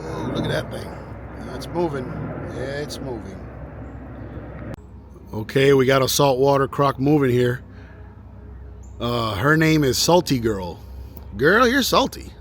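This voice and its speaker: Excitable man narrating his own walkthrough outdoors; average pitch, faint background noise, camera mic. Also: measured pace, long pauses. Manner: chatty, exclaims at animals, drops to hushed voice. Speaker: vlog host. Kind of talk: casual travel vlog walkthrough. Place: outdoor animal park.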